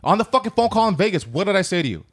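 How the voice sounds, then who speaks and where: A man's voice: high-pitched, big pitch swings, rapid-fire. A man arguing heatedly with his podcast co-host, swearing and repeating himself as he pushes his point.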